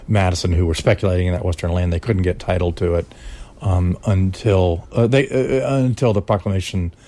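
Deep, mellow male historian. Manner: conversational, with hesitations and restarts. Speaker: historian and author. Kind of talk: interview commentary.

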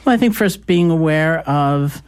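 A guest in an interview speaking reflectively, searching for words with pauses. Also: medium pitch, lively intonation, a little mellow, clean tone. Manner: slow, searching, with fillers.

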